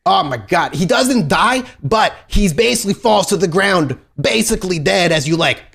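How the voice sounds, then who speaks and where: A man's voice: high voice, expressive, normal speed, gravelly, a bit bright, slightly rough. A man running a tabletop game as game master, narrating the action in a playful, exasperated way.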